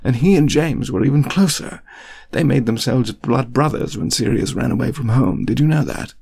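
A man's voice: mid-range voice, normal speed, creaky, a little mellow, slightly rough, pitched above the performer's own voice. A man voicing an earnest, desperate grown wizard in an audiobook reading, speaking with urgent, pleading questions. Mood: anguished.

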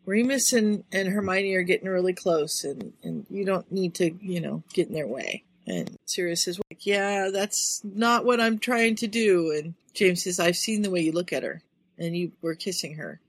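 A woman's voice: lowish voice, lively intonation, normal speed, slightly rough, low-quality recording. A woman in a casual book discussion, retelling scenes and acting out the characters' lines.

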